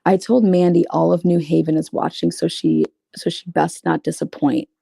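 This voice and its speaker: Woman w a low dark gravelly voice, cussing and sarcastic, going thru screenshots, dry close sound. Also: very animated, moderate pace, no echo. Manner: profane, blunt, sarcastic. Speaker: YouTuber reading out messages. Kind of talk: casual commentary reading screenshots.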